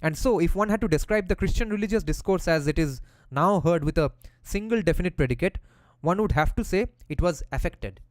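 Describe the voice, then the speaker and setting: A man's voice: sits high, expressive, brisk, no room sound. A man who reads passages from a philosophy text aloud and explains them in a casual way, using slang and the odd swear word.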